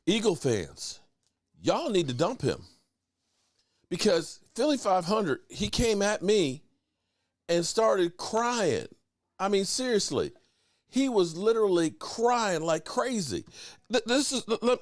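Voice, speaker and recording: Man, sports stream host, high voice, swoops up and down, teasing, dry close sound. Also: unhurried, no room sound. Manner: animated, teasing, greets viewers by name. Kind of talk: live-stream sports talk reading viewer chats.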